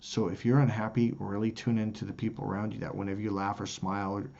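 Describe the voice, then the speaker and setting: A man hosting a self-help video, talking in a loose and animated way and swearing often. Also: lowish voice, quick pace, gravelly, dull audio. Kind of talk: casual self-help monologue.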